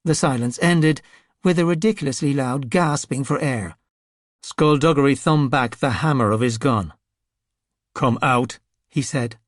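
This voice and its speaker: A woman reading an audiobook in a steady, measured narration. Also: a bass voice, no echo, clean studio sound. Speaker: audiobook reader. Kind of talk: scripted narration.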